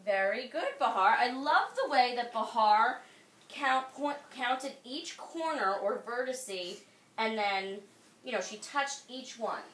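Woman teacher quizzing a class, patient and encouraging, bright voice, echoey classroom, mic a bit far off. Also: on the high side, takes it slowly. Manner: patient, encouraging, praises and quizzes children by name. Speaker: second grade teacher.

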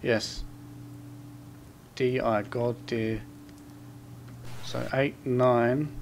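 A man giving horror game commentary, muttering asides to himself and reading in-game notes aloud in quick bursts. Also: medium pitch, a little hiss or hum. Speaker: gameplay commentator.

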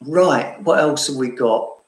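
A man from southeast London with a London accent softened by Cambridge, chatting casually and self-mockingly to viewers as he answers their questions, laughing often. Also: mid-range voice, slow, roomy sound, low-quality recording. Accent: London with a bit of Cambridge. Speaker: fragrance vlogger.

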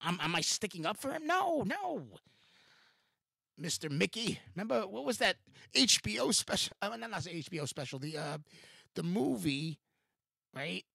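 A man hosts a podcast in a rambling, loose way, full of restarts, fillers and swearing. His voice is gravelly, and his pitch swings widely. The sound is dry and close. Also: animated, brisk, pushed and bright, dry recording. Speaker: podcast host. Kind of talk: casual rambling commentary.

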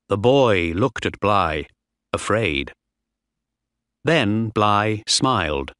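A man reading a story aloud for English learners in clear, deliberate scripted narration. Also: on the low side, expressive, fairly bright tone, no echo, clean studio sound.

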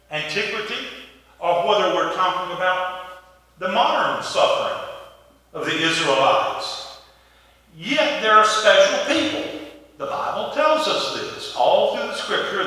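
A man's voice: sits high, sharp tone. A man preaching a sermon, telling stories in a folksy, conversational way. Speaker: pastor. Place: church sanctuary. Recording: echoey hall from far off.

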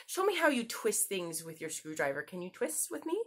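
A woman hosting a children's story time, teaching letter sounds and singing nursery songs in an animated, sing-song way, talking straight to the kids. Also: a little high, moderate pace, hardly any pauses.

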